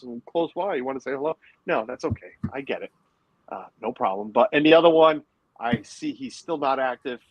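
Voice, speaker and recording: A man's voice: mid-range voice, breathy edge, no echo, poor audio. A man hosting a casual livestream from home, chatting and rambling with lots of fillers. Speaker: livestream host. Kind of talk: casual chat.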